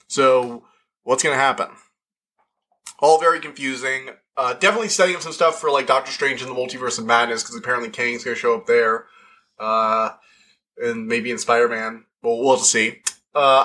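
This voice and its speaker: A man talking casually and excitedly as a podcast reviewer, rambling with lots of fillers and restarts. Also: mid-range voice.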